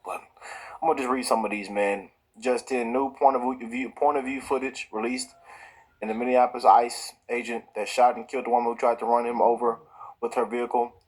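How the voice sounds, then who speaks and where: On a roughly recorded clip, a male host of his own show speaks in a mid-range voice with a level tone, going a little fast. His commentary is impassioned, heated and repetitive, broken up by restarts.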